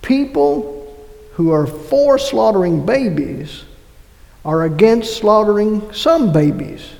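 A man preaching a sermon as pastor, reading scripture aloud in an animated way. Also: high voice, slow pace, gravelly, big-room sound, rough recording. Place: church.

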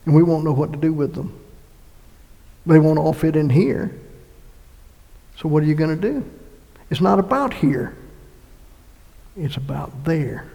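A man preaching a sermon as pastor of his church, swinging between loud emphatic swells and quiet hushed passages. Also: fairly high pitch, moderate pace, gravelly, pauses often. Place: church sanctuary. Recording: long church reverb.

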